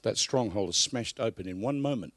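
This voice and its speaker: A man preaching a live sermon at a church service, emphatic, swinging from loud bursts to hushed asides. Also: on the low side, lively intonation, fairly quick, no echo.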